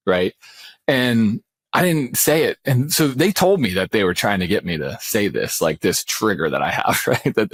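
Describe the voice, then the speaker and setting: A man's voice: lowish voice, husky, dry recording. Guy in his 40s rambling thru a personal story, keeps restarting, "man" this "dude" that, dry close sound. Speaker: podcast co-host. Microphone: remote call.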